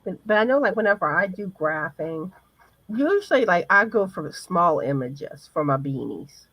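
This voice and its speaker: Hoarse low-voiced woman. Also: very animated, normal speed, a bit bright, dry recording, poor audio. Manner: hesitant, restarts often. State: hoarse, voice going in and out. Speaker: co-host of a crochet livestream. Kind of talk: casual livestream chat.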